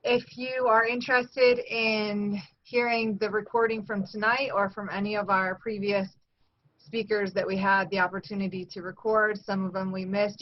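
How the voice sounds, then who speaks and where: A woman's voice: mid-range voice, lo-fi sound. A woman chairing a recovery meeting, thanking people and moving things along in a friendly, slightly scattered way. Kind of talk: hosting a meeting.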